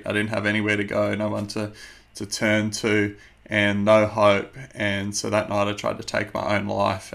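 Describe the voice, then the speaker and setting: A man in his thirties, a guest telling his personal testimony in an earnest, measured way with many fillers. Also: fairly low pitch, vocal fry, a bit bright.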